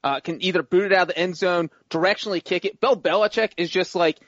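A man's voice: high voice, steady tone, fairly bright tone, no room sound, lo-fi sound. A man co-hosting a sports podcast, talking casually and playfully as he makes his picks and defends them. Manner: playful, rambling, quick to defend himself. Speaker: podcast co-host, grader.

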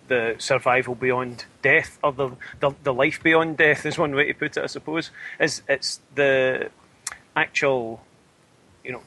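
A Scottish man speaking as a radio interview guest, measured and thoughtful, pausing to search for words. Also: medium pitch, pushed and bright, rough recording. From Scotland. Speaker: spiritualist medium, guest.

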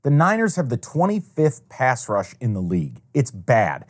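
A man's voice: mid-range voice, very animated, moderate pace, breathy edge. A man co-hosting a sports betting podcast, talking casually and profanely, often acting out other people's lines with animation.

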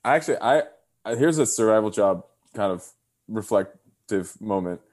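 A man's voice: lowish voice, normal speed. A man in his thirties on a video call, telling stories in casual chat and acting out the voices of people he quotes. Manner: animated storyteller, acts out quotes. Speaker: podcast guest.

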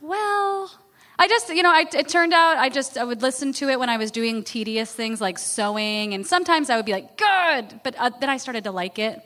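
Woman guest spilling a personal story, laughy and chatty, voice a bit high, long reverb tail. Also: a little fast, sharp tone. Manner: chatty, self-deprecating, laughs often. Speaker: interview guest, author.

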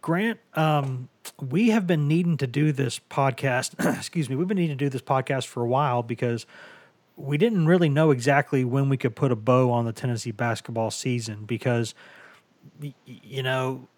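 A hoarse man hosts a casual sports podcast from his home office, rambling along with stammering restarts. His voice sits at a middling pitch and sounds dry and close to the mic. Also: moderate pace, darkish tone, no room sound. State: hoarse from bronchitis. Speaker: podcast host.

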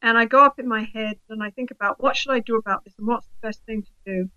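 A woman couples therapist with a slightly high, bright and forceful voice. She explains in a lively way and slips into the voices of the people she describes. The recording is dull and a little lo-fi, close and dry. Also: fast, dry recording. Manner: lively, acts out the voices of the people in her examples. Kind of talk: explanatory interview talk.

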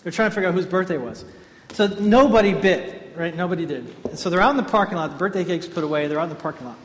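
A man's voice: high-pitched, fast talker, slight background noise. Man preaching in an echoey hall. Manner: storytelling, animated and conversational. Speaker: pastor. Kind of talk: sermon. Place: large hall with an audience. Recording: echoey hall, faint ambience.

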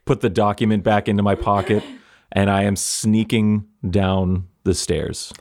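Very low, laid-back tabletop player. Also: little pitch movement, measured pace, darkish tone. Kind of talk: playing a tabletop game.

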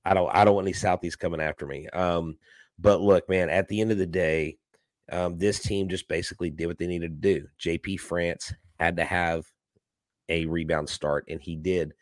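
A man with a very deep voice riffs and teases his co-host on a sports podcast, in an easy, joking way. His voice sounds dry, with no room sound. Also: steady tone, normal speed, dry recording. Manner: joking, teasing banter. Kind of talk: casual sports podcast chat.

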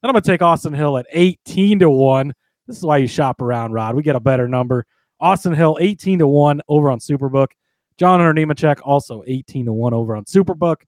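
A man co-hosting a sports betting podcast, talking in a relaxed, conversational way. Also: a little high, fast, dry recording. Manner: relaxed, conversational, chuckles often. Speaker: podcast co-host. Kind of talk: casual sports betting chat.

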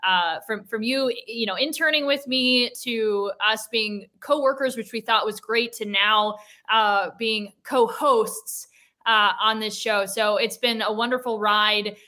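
A woman's voice: on the high side, unhurried, pushed and bright. A woman co-hosting a podcast, chatting casually and telling a story about her co-host. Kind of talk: casual chat.

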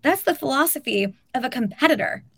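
A woman's voice: high voice, lively intonation, fairly quick, vocal fry, fairly bright tone, husky, no echo. A woman co-hosting a casual sports talk show, speaking emphatically and peppering her points with "like". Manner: emphatic, talks with filler "like". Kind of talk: casual opinionated chat.

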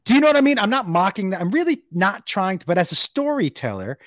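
A man's voice: high voice, big pitch swings, fast, no echo, clean studio sound. A man hosting a casual talk who asks earnest questions and thinks aloud. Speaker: podcast host. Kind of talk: casual chat.

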